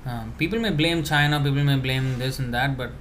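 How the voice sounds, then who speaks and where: A man giving a conversational spiritual talk, answering questions with many fillers and restarts, now and then laughing softly. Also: mid-range voice, a little fast, slight background noise.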